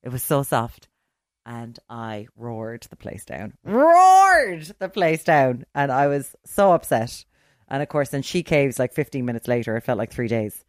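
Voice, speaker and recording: A middle-aged Irish podcast co-host telling a story in casual chat, acting out the quoted voices with large swings in pitch and loudness. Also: normal speed, no room sound, clean studio sound.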